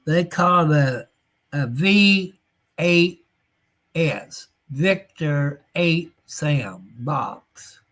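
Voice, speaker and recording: A man's voice: a little high, animated, very slow, fairly bright tone. A man hosting a casual livestream chat, folksy and drawn out, chuckling now and then. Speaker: livestream host.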